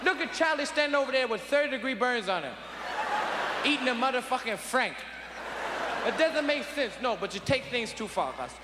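A man playing a drunk father shouting and ranting at his family during a backyard cookout. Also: very high voice, expressive, moderate pace, pitched above the performer's own voice. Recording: echoey live venue with crowd noise.

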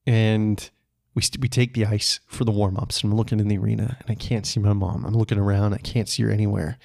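A man's voice: fairly low pitch, fast, gravelly. Laid-back man telling a personal story. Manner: relaxed and conversational, chuckles often, swears casually. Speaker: podcast host. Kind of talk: casual personal storytelling monologue.

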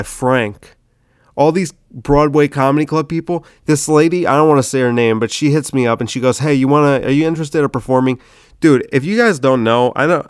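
A man's voice: medium pitch, clear, resonant tone, no room sound, clean studio sound. A sick man hosting his comedy podcast, rambling loosely with swearing and lots of "dude". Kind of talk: casual rambling monologue.

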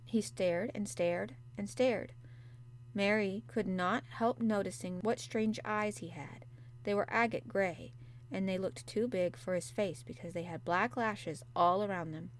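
A woman narrating a classic storybook in a measured, gentle, unhurried way. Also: medium pitch, a little hiss or hum. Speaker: audiobook narrator. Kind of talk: storybook reading.

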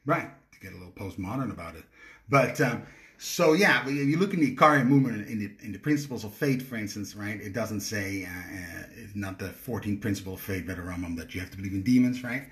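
Low-voiced man explaining with many restarts. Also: expressive, fast talker, a bit bright. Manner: hesitant, many fillers and restarts. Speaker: podcast co-host. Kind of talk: casual explanatory chat.

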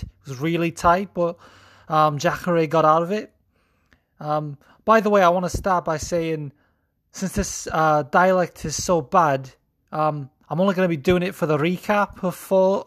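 A podcast host doing a casual fight recap in a put-on Scouse accent, mocking his own attempt. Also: high-pitched. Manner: putting on a mock Liverpool accent, self-mocking.

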